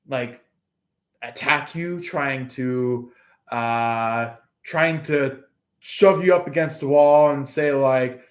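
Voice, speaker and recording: In an echoey room, a tarot reader with a fairly high voice gives a casual reading, rambling with lots of fillers and acting out quotes.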